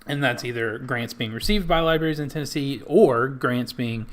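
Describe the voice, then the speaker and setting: A man walking through a database in a screen-share tutorial, halting with many restarts and fillers. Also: medium pitch. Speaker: library staff trainer.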